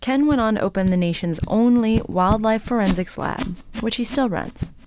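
A woman's voice: a little high, moderate pace, noisy background. Woman narrating a radio story.

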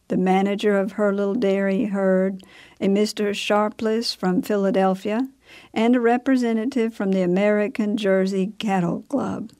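A woman narrating a story in a measured, unhurried way. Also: mid-range voice, warm tone.

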